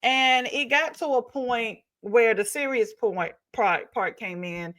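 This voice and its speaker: A woman's voice: on the high side, slow pace, a bit bright. Sassy, gossipy woman host. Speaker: talk show host. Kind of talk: reality TV commentary.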